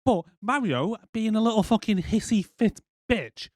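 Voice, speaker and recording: A man's voice: high-pitched, animated, normal speed, no room sound, clean studio sound. A man co-hosting a podcast, ranting in casual, profane chat and slipping into mock voices. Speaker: podcast co-host.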